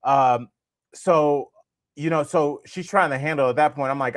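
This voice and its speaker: A medium-pitched man in his 40s, speaking at normal speed, tells an animated, rambling story thick with fillers while co-hosting a comedy podcast. The studio-quality recording has no echo.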